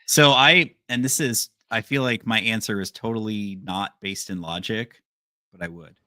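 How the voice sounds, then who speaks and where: A man's voice: on the low side, normal speed, sharp tone, no room sound, clean studio sound. A man co-hosting a podcast, chatting casually and hesitantly with many fillers. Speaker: podcast co-host. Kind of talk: casual chat.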